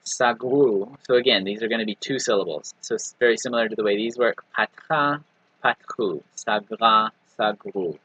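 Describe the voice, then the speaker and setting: A man teaching a recorded language lesson, patiently explaining and repeating example words slowly with frequent "right?" and "okay.". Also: fairly low pitch, pushed and bright, husky, no room sound, dull audio. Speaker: Hebrew teacher.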